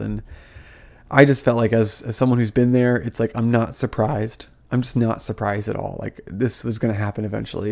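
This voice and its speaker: A man's voice: lowish voice, vocal fry, dark tone. A young man giving casual, heated commentary to camera as a vlogger, full of fillers, restarts and frustrated asides. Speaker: vlogger, former ministry school student.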